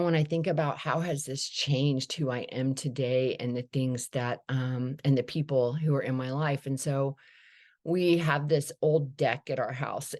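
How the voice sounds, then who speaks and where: A middle-aged woman candidly sharing her recovery story, telling it as a lively anecdote with acted-out dialogue. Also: very deep voice. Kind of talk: personal recovery talk.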